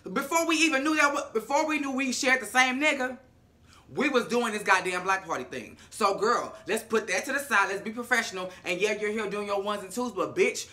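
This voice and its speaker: A vlogger recapping a TV episode in a sassy, animated, profane storytelling manner. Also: medium pitch, normal speed.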